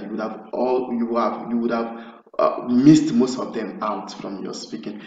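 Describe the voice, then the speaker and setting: Male tutor, mid-pitched, explains patiently and repeats himself. Recorded far off in an echoey room with dull sound. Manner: explanatory, acts out sample nurse-patient dialogue; repeats and restarts phrases. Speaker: OET speaking tutor. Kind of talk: spoken lesson. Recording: roomy, distant, dull sound.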